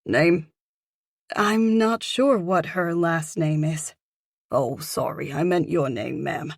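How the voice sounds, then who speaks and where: A woman's voice: low-pitched, takes it slowly, gravelly, no echo, clean studio sound, full character voice. A woman voicing a polite male hotel concierge who speaks formally and courteously.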